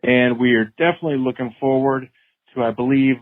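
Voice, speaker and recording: A man's voice: medium pitch, fairly even intonation, fairly quick, dry recording. Male caller from Colorado, mid voice, thin phone-line quality, upbeat and chatty. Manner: friendly, upbeat, fillers like "um". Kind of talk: casual voicemail message.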